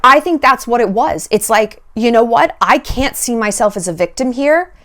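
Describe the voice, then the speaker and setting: Her voice runs on the high side and moves at an ordinary speed. She's a sarcastic, animated vlogger handing out dating advice in casual commentary, dropping swear words liberally and impersonating the people she quotes.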